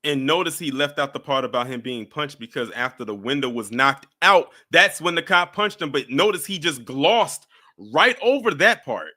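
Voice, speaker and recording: Bright-voiced indignant man. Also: fairly high pitch, lively intonation, moderate pace. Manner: indignant, mocking, shouts when angered. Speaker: streamer host reacting to a debate. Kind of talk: heated live commentary.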